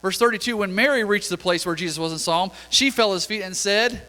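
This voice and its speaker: A man's voice: high-pitched, fast talker, sharp tone. A man preaching a sermon as pastor, reading scripture aloud and talking through it in a conversational way. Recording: long reverb of a church hall.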